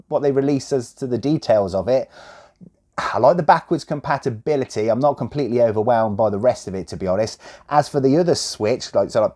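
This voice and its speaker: Chatty Coventry man, lowish voice. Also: darkish tone. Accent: Coventry, English Midlands. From Coventry, English Midlands. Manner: chatty, self-deprecating, frequent ums and restarts. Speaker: YouTube channel host. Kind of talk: casual chat answering viewer questions.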